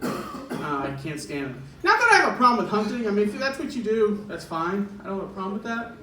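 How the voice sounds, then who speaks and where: Guy doing stand-up in a club, high bright voice, echoey room a little off mic. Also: sing-song, quick pace, recorded from a distance, a little hiss or hum. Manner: conversational, chuckles through punchlines. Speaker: stand-up comedian. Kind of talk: stand-up comedy set. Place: comedy club stage.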